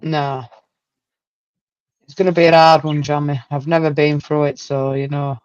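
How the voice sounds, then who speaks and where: A woman hosting a casual livestream chat, talkative and quick to exclaim. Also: deep voice, level tone, a little mellow, clean tone, dry recording, muffled recording. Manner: chatty, exclaims and laughs often. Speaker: livestream host.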